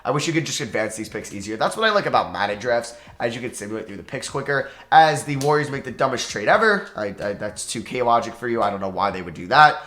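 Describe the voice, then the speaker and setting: A man's voice: medium pitch, fast talker, few pauses. A man with a New York accent giving casual, chatty gameplay commentary, thinking aloud and poking fun at himself. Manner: chatty, excitable, self-deprecating, thinks aloud. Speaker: gaming YouTuber. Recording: roomy echo.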